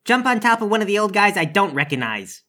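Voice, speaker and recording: A man playing in a tabletop game, excitable and stammering as he speaks in character. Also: high-pitched, fast. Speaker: player. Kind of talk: tabletop role-play.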